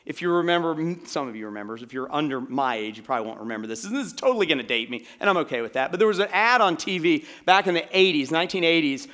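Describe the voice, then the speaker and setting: A middle-aged pastor from Georgia preaches in a loose, chatty way, full of fillers and questions to his congregation. His voice sits a little higher than most men's. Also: lively intonation, quick pace, hardly any pauses, fairly bright tone. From Georgia, USA. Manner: conversational, with many fillers and audience asides. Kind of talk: sermon.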